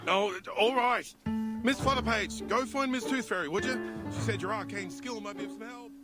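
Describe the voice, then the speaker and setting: A man's voice: high-pitched, moderate pace, over loud music, lightly acted. An actor playing an easygoing Australian man in a hat, who calls everyone mate.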